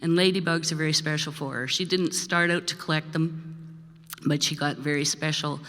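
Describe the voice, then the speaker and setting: Older lady from manitoba rambling about her song onstage, bright voice, long hall echo. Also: sits low, fairly even intonation, moderate pace. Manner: rambling, warm storytelling with frequent laughs. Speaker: singer-songwriter introducing a song. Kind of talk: chatty onstage song introduction. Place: live performance in a church hall. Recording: reverberant hall with faint music.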